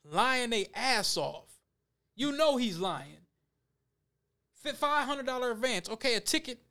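A man's voice: extremely high pitch, big pitch swings, a little slow, creaky, pushed and bright. A man reading news aloud and breaking in with heated, emphatic, repetitive commentary to his viewers. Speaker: commentary vlogger.

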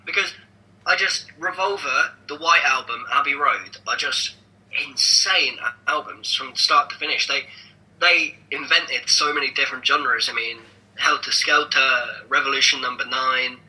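Rambling young man, bright voice. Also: medium pitch, moderate pace, poor audio. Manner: rambling, animated, lots of restarts. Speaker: podcast co-host. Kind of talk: casual podcast chat.

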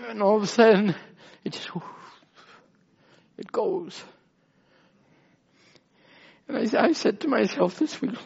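A man's voice: high-pitched, slow pace, creaky, long pauses, a little mellow, breathy edge, muffled recording. A man preaching an emotional, rambling sermon as pastor in a church, pleading and often near tears. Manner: tearful, pleading, rambling with restarts.

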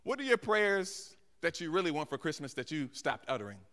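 A man's voice: on the high side, big pitch swings, brisk, a bit bright. A man, a guest pastor, preaching a sermon live in a church and acting out voices in the dialogue he tells. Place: church sanctuary with balcony. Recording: church hall reverb.

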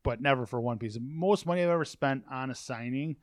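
A man's voice: medium pitch, fast talker, no room sound, clean studio sound. Profane, rambling man telling stories. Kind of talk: casual chat.

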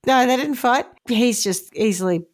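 Chatty woman storyteller, slightly high. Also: moderate pace. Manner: chatty, jokey asides. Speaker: podcast host, storyteller. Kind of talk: casual comedic storytelling.

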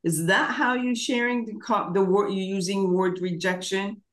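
A woman's voice: medium pitch, fairly even intonation, moderate pace, a bit bright. Woman, podcast host, therapist, reflective, searching phrasing, mid-range voice. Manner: reflective, searching phrasing with you-know fillers. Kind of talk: conversational interview.

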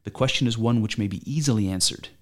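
A man's voice: fairly low pitch, fast talker, lightly acted. A man reading as an aging philosopher, combative. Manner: argumentative, probing rhetorical questions. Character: aging male philosopher defending himself in court. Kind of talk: amateur dramatic reading.

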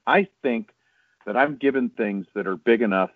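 A man as a guest, speaking earnestly and thoughtfully, with some halting restarts. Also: medium pitch, no echo. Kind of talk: reflective conversation. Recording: tinny phone line, dry.

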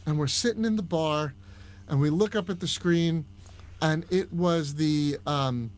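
A man with a Long Island accent, a podcast guest telling stories in a casual, animated chat. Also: a little high, unhurried. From Long Island, New York. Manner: storytelling, animated, with restarts. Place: Orlando, Florida.

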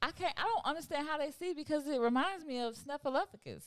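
A woman's voice: high voice, expressive, fast talker, dry recording, studio quality. A woman in casual comedic chat, frank, amused and slangy.

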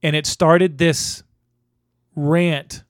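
A man co-hosting a casual film discussion, animated and laughing often as he acts out scenes. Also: fairly high pitch, drawn-out words, dry recording, studio quality. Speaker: podcast co-host.

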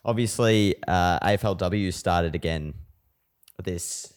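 A very deep-voiced Australian man rants on a casual sports podcast. He is blunt and outspoken and swears freely. His tone is dismissive, like someone who has had enough. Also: takes it slowly, smooth. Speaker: podcast co-host.

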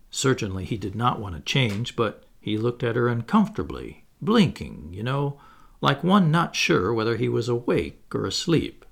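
A man narrating a children's classic as an audiobook reading, with expressive storytelling. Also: fairly low pitch, moderate pace, vocal fry, husky.

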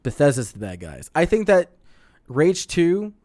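A man's voice: fairly high pitch, huge pitch swings, unhurried, darkish tone, no room sound, studio quality. A man co-hosting a podcast, chatting casually and profanely about gaming news. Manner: profane, rambling, reads headlines aloud. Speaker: podcast co-host.

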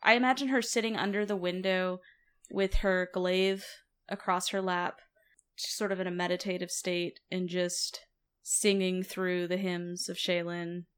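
A woman playing a tabletop game, telling her character's story in an animated, expressive way. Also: lowish voice, a little slow, clear, resonant tone. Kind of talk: casual chat and role-play storytelling.

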